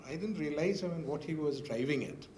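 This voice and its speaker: Older Indian man, halting, full of fillers. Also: on the high side, a little mellow, reverberant, a little hiss or hum. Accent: Indian English. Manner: hesitant, many "I mean" fillers, storytelling. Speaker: panel speaker, former newspaper editor. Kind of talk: university panel talk.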